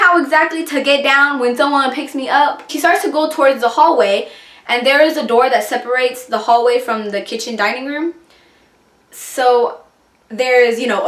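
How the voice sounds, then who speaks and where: A woman's voice: high voice, a bit bright, roomy sound. A young woman vlogger telling a personal story in a rambling, casual way, full of fillers. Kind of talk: storytime vlog, casual retelling.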